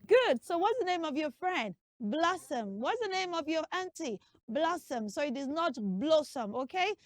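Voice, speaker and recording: A woman hosting a children's show, teaching name pronunciation in a lively, sing-song way. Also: very high-pitched, fairly quick, no room sound, studio quality.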